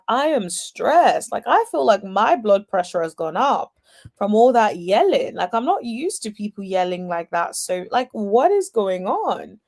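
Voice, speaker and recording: A woman's voice: medium pitch, a little mellow. A woman hosting a casual reaction commentary, speaking to her viewers with chatty, exasperated asides. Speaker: host.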